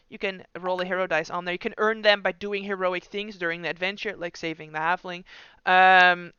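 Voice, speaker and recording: A man narrates a tabletop game as its game master, and his voice comes across bright and very crisp. He talks in a relaxed, chatty way. The sound is dry and a little dull. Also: sits high, no echo. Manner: relaxed, chatty, puts on quick voices for figures.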